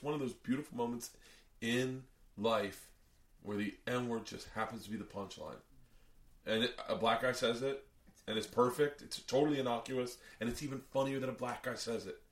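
A man hosting a podcast, telling a long story in casual chat, animated and full of profanity. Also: mid-range voice, echoey room, distant mic. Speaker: podcast host and comedian.

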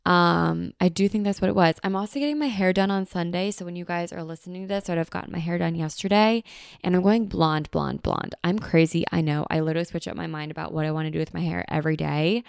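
A young American woman hosts a casual podcast and gushes through her stories in a chatty way. Her voice sits low for a woman and carries a gravelly fry, yet it stays smooth and resonant, and the recording is close and dry. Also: fast, no room sound. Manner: gushing and chatty, filled with "like". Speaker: podcast host. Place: home in a beach town at sunset.

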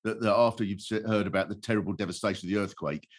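A man's voice: lowish voice, very fast, breathy edge. A male host in casual chat, asking eager, rambling questions.

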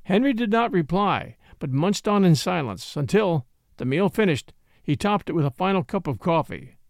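A man narrating a classic adventure story as an audiobook, in an expressive storytelling manner. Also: high voice, moderate pace, creaky, dry recording, studio quality. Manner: expressive storytelling with varied character voices. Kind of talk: audiobook reading.

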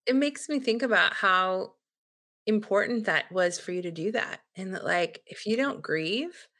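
Bright-voiced earnest woman guest. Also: medium pitch, lively intonation, measured pace. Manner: earnest, reflective, many fillers. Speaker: podcast guest. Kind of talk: casual faith-based chat.

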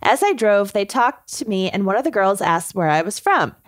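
A woman's voice: mid-range voice, animated, moderate pace, dry recording, clean studio sound. A woman co-hosting a casual podcast, reading listener confessions aloud, laughing often and swearing casually. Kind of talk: casual chat.

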